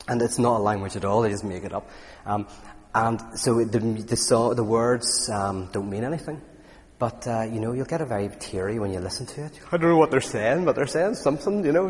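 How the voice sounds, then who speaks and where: A man with a thick Irish accent gives a lecture and takes audience questions. He talks in an animated, digressive way and laughs at himself. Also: on the low side, big-room sound.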